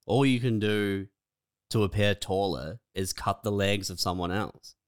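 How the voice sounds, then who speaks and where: A man's voice: lowish voice, measured pace, clean tone. A man co-hosting a comedy podcast, laid-back, laughing often and saying man a lot. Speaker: podcast co-host. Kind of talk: casual comedic chat.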